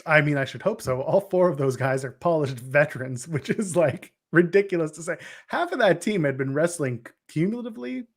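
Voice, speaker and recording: A young man co-hosting a podcast, casually chatting about wrestling with quick joking asides. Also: a little high, animated. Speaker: podcast co-host.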